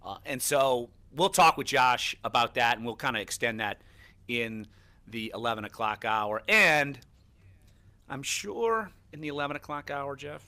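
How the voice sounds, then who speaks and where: Bright-voiced sports radio man. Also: mid-range voice, lively intonation, measured pace. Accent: New Orleans. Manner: upbeat, teasing, promotes upcoming segments.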